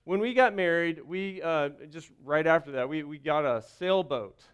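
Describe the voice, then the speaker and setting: A man preaching with a Southern lilt, his voice pitched high and smooth. He tells stories in an animated, rambling way, cutting himself off and restarting mid-sentence. It sounds like a sermon from the pulpit. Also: moderate pace. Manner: animated storytelling with self-interruptions and restarts. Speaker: pastor.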